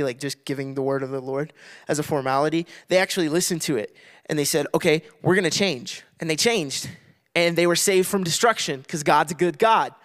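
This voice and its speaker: High-voiced man telling a Bible story casually. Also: a bit bright. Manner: playful, acts out voices, laughs often, many restarts.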